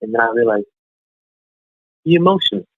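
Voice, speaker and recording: A man calling in to a boxing talk show, telling a story in a rapid, heated way. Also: medium pitch, animated, vocal fry, a bit bright, dry recording. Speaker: caller. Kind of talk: casual chat over the phone. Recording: dry tinny phone line.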